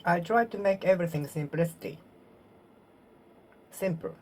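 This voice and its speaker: A woman whose first language is Japanese, speaking English to herself in a slow self-study monologue, repeating words and correcting her phrasing. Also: on the low side, a little mellow. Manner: slow, repetitive, self-correcting practice speech. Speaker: vlogger practicing English.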